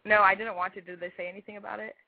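Gravelly young caller on a tinny phone line. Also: mid-range voice, level tone, racing, dry recording. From Texas, USA. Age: 20s. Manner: laid-back, rambling talk. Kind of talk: casual phone call.

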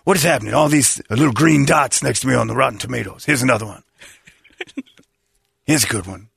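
A man's voice: mid-range voice, fast talker, vocal fry, a bit bright, husky, dry recording, clean studio sound, heavily acted. A man doing a comedy impression of a vain, aging movie legend who gets baffled and erupts in theatrical outbursts. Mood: indignant.

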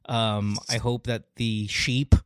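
A man from the Philippines hosting a call-in talk show, chatting animatedly and working through examples with quick restarts. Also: mid-range voice, little pitch movement, smooth, no echo, studio quality. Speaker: radio show host. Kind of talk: casual chat with callers.

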